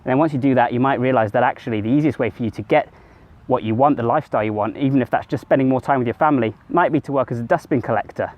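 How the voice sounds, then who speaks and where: A man's voice: medium pitch, racing, dull audio. A man talking casually to camera in a rambling, conversational way, sometimes correcting himself mid-sentence. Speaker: vlogger. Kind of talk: casual self-help monologue to camera.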